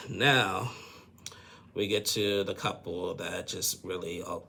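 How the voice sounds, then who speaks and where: A man's voice: sits low, slow, creaky, bright, forceful tone, slightly rough. A man casually recapping a reality TV episode, rambling, repeating words and adding judgmental asides.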